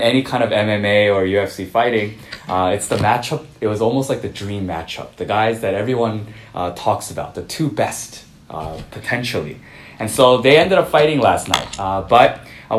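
A man's voice: on the low side, echoey room, slight background noise, poor audio. A man giving a conversational sermon, full of fillers and restarts, telling a story before turning to scripture. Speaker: pastor.

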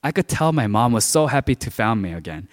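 Big pitch swings mark this man's mid-range voice as he speaks fairly quickly. He is a pastor preaching a sermon framed as a personal story, in a conversational style full of fillers like "like." A long hall reverb fills the recording.

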